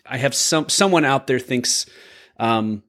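Pembawa acara pria yang reflektif. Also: male voice, medium pitch, measured pace, a bit bright. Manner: reflective, supportive, restarts his phrases. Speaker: podcast co-host. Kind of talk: casual interview chat.

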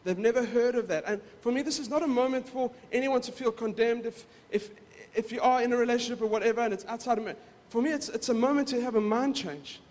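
A man's voice: very high voice, fast, few pauses, darkish tone. A male pastor preaching in a casual, conversational way, often repeating words as he goes. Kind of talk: casual sermon. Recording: reverberant hall.

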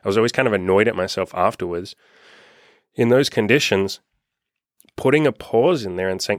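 A man's voice: lowish voice, a little fast, no room sound, studio quality. A young man coaching on dating, talking candidly and casually, acting out quoted texts and swearing freely. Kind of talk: casual monologue to camera.

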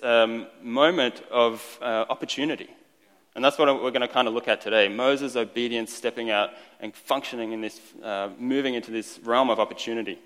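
Man, preacher, casual sermon, light joking, mid-pitched voice, long echo of a church hall. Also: fairly bright tone. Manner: conversational, lightly joking, with restarts. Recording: long reverb of a large hall.

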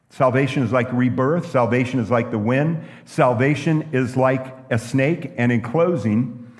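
A pastor preaching a sermon, telling stories and asking the room questions. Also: male voice, mid-range voice, long reverb tail. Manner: lively preaching with stories and asides.

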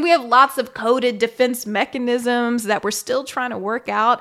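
A young adult woman hosts her own podcast in a casual solo monologue, chatting and frequently checking in with "okay?" Her voice is a little high with a fairly bright tone.

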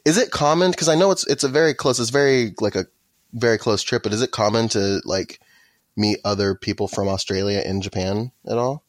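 Male podcast co-host, low voice, dry close sound, curious. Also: a little fast, no room sound. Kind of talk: casual interview chat.

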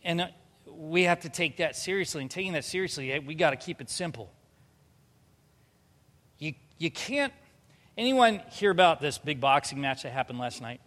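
A man in his thirties preaching a sermon, animated, moving from loud emphatic bursts to quiet earnest passages. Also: a little high, normal speed, long pauses, in a large hall. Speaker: pastor.

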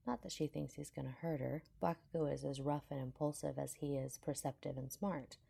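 Woman fanfiction narrator, low gravelly voice, husky, calm and measured. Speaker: fanfiction reader.

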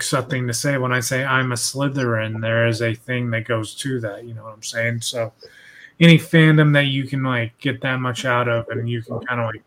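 A man's voice: mid-range voice, fairly bright tone, a little hiss or hum. Rambling, cursing podcast host man. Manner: rambling, profane, loose storytelling. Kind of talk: casual chat.

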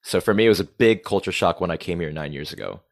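A man from Rhode Island, talking as a guest on a casual podcast. His voice sits very low, and the sound is dry and close with almost no room echo. He rambles happily, pokes fun at himself and often restarts a sentence midway. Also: lively intonation, quick pace, creaky. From Rhode Island, USA. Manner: playful, self-mocking, rambling with restarts.

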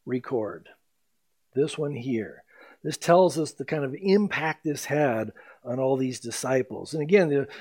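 Casting: emphatic male pastor, fairly high voice, teaching verse by verse. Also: darkish tone. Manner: emphatic, reads scripture aloud slowly, then explains. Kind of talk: expository sermon.

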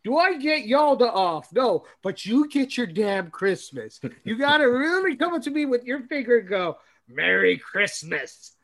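A man from the West Coast telling stories in a casual podcast chat, animated and swearing. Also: extremely high pitch, normal speed, hardly any pauses. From West Coast, USA.

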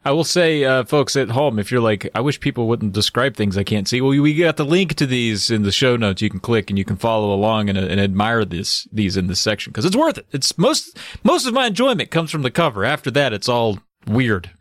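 A man's voice: medium pitch, big pitch swings, fairly quick, few pauses, dry recording. A man co-hosting a casual chat podcast, joking and playful. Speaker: podcast co-host.

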